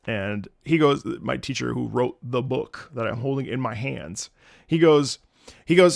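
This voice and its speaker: Speaking a bit slowly, this young streamer has a medium pitch and vocal fry. He reacts to game music while casually telling his chat stories, animated and laughing often as he performs the voices he quotes, all in studio-quality sound with no room echo.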